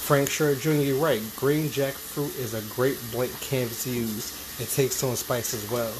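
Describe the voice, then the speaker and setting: A man's voice: medium pitch, fairly even intonation, normal speed, background noise. A slightly congested man co-hosting a cooking livestream, reading and greeting viewer comments in a friendly, playful way. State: a bit congested. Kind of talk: casual livestream chat.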